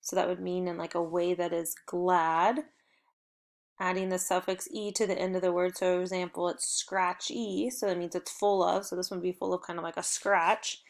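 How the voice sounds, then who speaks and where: An upbeat young woman teaches a recorded phonics lesson for children. She gives clear, encouraging prompts at an even teacherly pace and cheers the kids on between words. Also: lowish voice, moderate pace.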